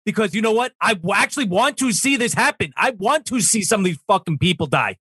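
High, lively man ranting with profanity. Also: fast talker, husky, no room sound, studio quality. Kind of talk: heated political rant.

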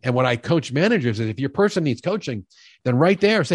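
An energetic middle-aged man explains sales management in an emphatic, conversational way and often slips into acted-out dialogue. His voice is recorded close and dry, with no room sound, and sits at an ordinary male pitch. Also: fairly quick, dry recording. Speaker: sales leadership expert guest. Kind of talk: conversational podcast interview.

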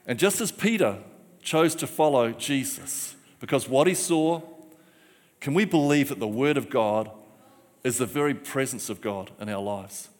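A man's voice: mid-range voice, animated, unhurried. Rousing male preacher in a reverberant hall. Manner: rousing, repeats call-and-response phrases. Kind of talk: sermon. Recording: long church hall reverb.

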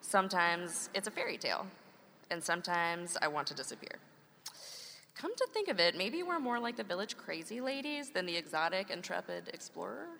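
A woman's voice: on the low side, very animated, normal speed, creaky, bright, forceful tone. A woman in her thirties, a mother and co-host, reading a scripted conversation with wry, playful humor. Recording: long hall reverb.

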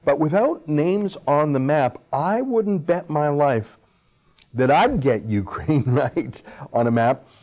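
A Canadian political commentator host delivers an opinionated monologue full of sarcastic asides and rhetorical questions. His voice is a little high, animated and slightly mellow, and he speaks slowly.

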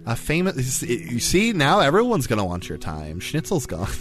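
A man serving as game master of a comedic tabletop role-play, riffing and rambling with plenty of fillers. His pitch swings in lively arcs around a middle register, and faint music plays behind him. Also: moderate pace. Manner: joking, rambling with many fillers.

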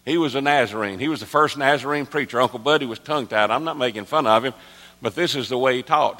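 A man in his sixties, a pastor, preaching an earnest sermon that drops soft and low, then rises to emphatic calls. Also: fast talker. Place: church sanctuary. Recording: long reverb of a large hall.

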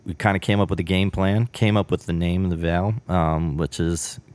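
A man's voice: low voice, little pitch movement, moderate pace, a little mellow. A man brewer telling a story in a casual interview, rambling with many fillers and acting out bits of dialogue.

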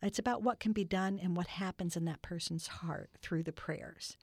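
An older woman telling stories in an interview, earnest and halting with many restarts. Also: lowish voice, a little mellow, no room sound, clean studio sound. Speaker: guest. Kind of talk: storytelling in a podcast interview.

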